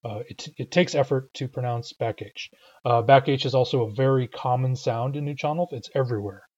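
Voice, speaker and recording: A man explaining pronunciation in a recorded lesson, patient and methodical, often pausing with "uh". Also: medium pitch, darkish tone, muffled recording. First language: English. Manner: patient, explanatory, frequent uh fillers. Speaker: language teacher.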